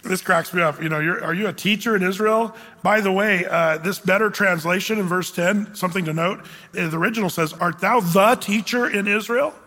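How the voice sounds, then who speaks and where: A man's voice: high voice, a little fast, hardly any pauses, sharp tone, long reverb tail. A male pastor teaching a sermon verse by verse, talking conversationally, asking his congregation questions and reading scripture aloud.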